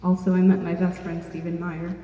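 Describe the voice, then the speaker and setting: A woman's voice: fairly low pitch, completely flat delivery, a little fast, mellow, slight background noise. A young woman earnestly telling her own story to an audience, plain-spoken with small restarts. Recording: distant, dull-sounding mic in an echoey hall.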